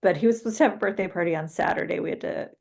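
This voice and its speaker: A woman's voice: on the low side, racing, creaky, darkish tone. A woman co-hosting a podcast, talking in hesitant, filler-heavy casual chat and laughing often. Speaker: podcast co-host.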